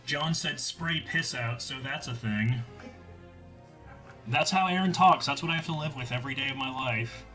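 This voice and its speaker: A man's voice: medium pitch, moderate pace, long pauses, pushed and bright, faint music behind, rough recording. A man co-hosting a game stream, telling stories in a rambling casual way with lots of fillers and restarts. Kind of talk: casual chat.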